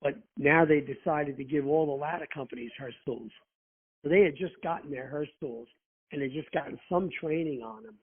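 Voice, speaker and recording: Husky man spinning profane stories by phone. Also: fairly high pitch, moderate pace. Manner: profane, animated storyteller who acts out quotes. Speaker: guest, former rescue firefighter. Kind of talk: casual anecdote telling. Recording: tinny phone line.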